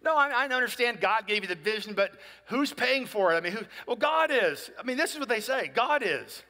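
A man preaching a sermon in a high, bright and forceful voice, chatty and direct, often checking in with his listeners. His voice rings through a large hall with a long reverb. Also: lively intonation, fairly quick. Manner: conversational, asks "right?" often, acts out people in dialogue. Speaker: pastor.

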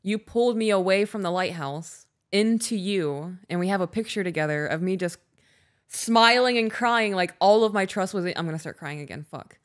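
A woman's voice: medium pitch, moderate pace. A woman co-hosting a podcast in casual chat, candid and emotional, swearing freely. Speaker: podcast co-host.

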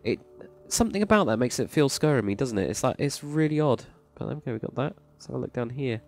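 A man's voice: mid-range voice, expressive, fast. A man giving casual, enthusiastic, rambling commentary while touring a game build. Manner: enthusiastic, rambling, praises freely. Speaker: Minecraft server plot reviewer. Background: faint background music.

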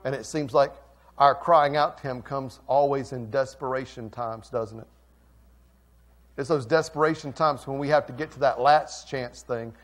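A male pastor preaching a sermon, swinging from quiet, intimate lines to loud, fervent ones. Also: medium pitch, moderate pace. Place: church sanctuary.

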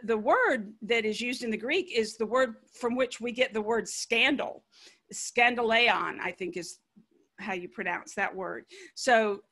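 Woman pastor, high voice, chatty animated sermon delivery. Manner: conversational and animated, musing aloud.

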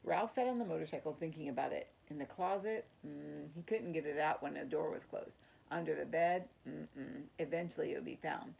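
A woman reads a children's book aloud like a teacher, telling it expressively for young listeners. Her voice is low and husky, with a gravelly edge. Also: brisk, muffled recording. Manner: expressive storytelling, addresses children. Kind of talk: children's story read-aloud.

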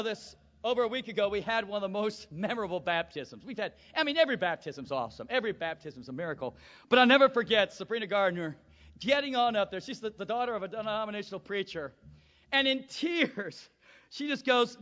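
Preacher, man, high lively voice, emphatic, asks the crowd for amens; muffled hall recording. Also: moderate pace. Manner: emphatic, swings from quiet asides to shouting; calls out to the congregation for amens. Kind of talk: sermon.

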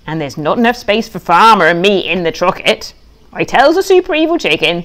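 A woman's voice: on the low side, sing-song, brisk, fairly bright tone. A woman author reading her own children's book aloud, telling it in a playful, childlike voice with cheerful bad grammar. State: tearful at moments.

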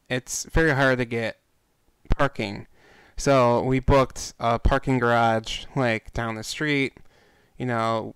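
A man's voice: medium pitch, clear, resonant tone, no room sound, rough recording. A man co-hosting a podcast who tells stories in an easygoing way, with some fillers. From Chicago area. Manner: relaxed, easygoing storyteller with fillers. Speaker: podcast co-host. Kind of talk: casual podcast chat.

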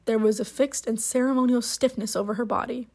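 Female storybook narrator, measured pace, slightly high voice. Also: fairly even intonation, a little mellow. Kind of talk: reading a short story aloud.

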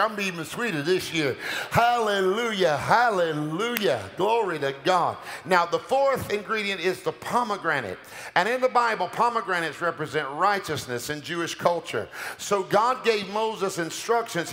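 A man preaching a sermon as pastor, calling out declarations for the congregation to repeat and rising to shouts, in a church sanctuary with music behind him. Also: high voice, gravelly. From United States. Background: music playing under the preaching.

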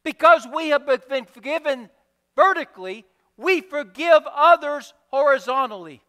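Man preaching a sermon, high voice, slow and deliberate, big churchy echo. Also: animated, sharp tone. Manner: deliberate preaching with emphatic repetition. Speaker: pastor. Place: church sanctuary. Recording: long reverb of a church hall.

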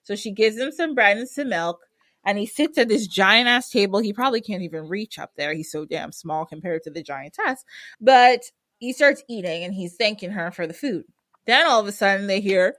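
A woman's voice: mid-range voice, a bit bright, dry recording, studio quality. Profane laughing woman host. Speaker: podcast host. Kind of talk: casual storytelling.

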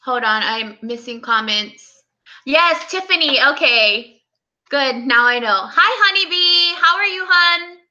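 A young woman hosting a casual live stream, speaking softly and close to tears as she greets viewers by name. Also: sits high, lively intonation, slow pace, muffled recording. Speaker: livestream host.

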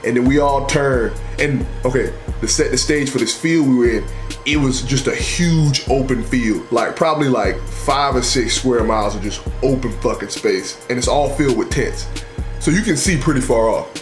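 Young man with a profane, animated storytelling voice. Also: mid-range voice, moderate pace, soft background music. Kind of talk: comedic storytelling.

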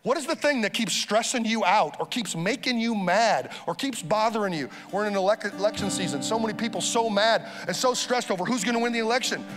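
Male pastor, high voice, energetic sermon, long hall reverb, faint music behind. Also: a little fast, few pauses. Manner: energetic preaching, rising to loud urgent appeals, calls for congregation responses. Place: church auditorium.

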